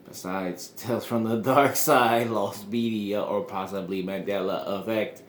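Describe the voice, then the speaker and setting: Rambling man with a low voice. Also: steady tone, a little slow, few pauses, reverberant, a little hiss or hum. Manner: meandering, chuckling often, trailing off. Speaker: podcast host. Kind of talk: casual rambling monologue.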